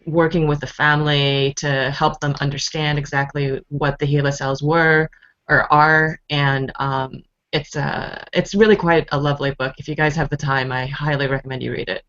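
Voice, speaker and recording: A woman's voice: low-pitched, fairly even intonation, normal speed, fairly bright tone, lo-fi sound. A woman in a casual group discussion, eager and chatty as she adds her thoughts. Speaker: meeting participant.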